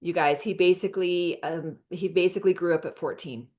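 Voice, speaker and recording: An American woman with a somewhat low voice pitches skincare products on a video call. She talks eagerly and loosely, stumbling and restarting as she goes. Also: steady tone, brisk, a little mellow. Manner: chatty, many fillers and restarts. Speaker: host of a product presentation call.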